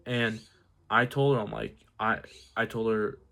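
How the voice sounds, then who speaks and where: Young dude rambling thru a story, lots of "like", bright voice. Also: male voice, lowish voice, fairly even intonation, a little slow, creaky. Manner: rambling, filler-heavy, says "like" and "dude" a lot. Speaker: vlogger. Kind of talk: casual storytelling.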